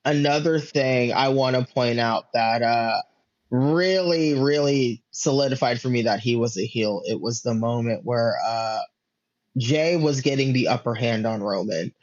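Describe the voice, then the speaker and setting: A man's voice: mid-range voice, measured pace, no echo, muffled recording. A man hosting a casual podcast, who talks animatedly and acts out other people's lines as quotes. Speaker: podcast host.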